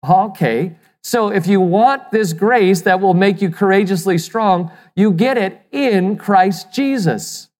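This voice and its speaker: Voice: medium pitch, takes it slowly, hardly any pauses, a little mellow. Emphatic preacher in a reverberant hall. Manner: emphatic, asks the listeners rhetorical questions; repeats words when restarting. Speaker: pastor. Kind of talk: sermon.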